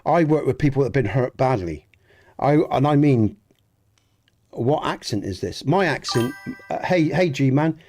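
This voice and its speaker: A man's voice: medium pitch, animated, a little slow, a little mellow, faint music behind. A middle-aged man with a Dorset accent, chatting casually and earnestly on a gaming live stream, often restarting his sentences and greeting viewers in the chat. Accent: Dorset English. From southwest England. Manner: rambling and earnest, many restarts, speaks to chat by name.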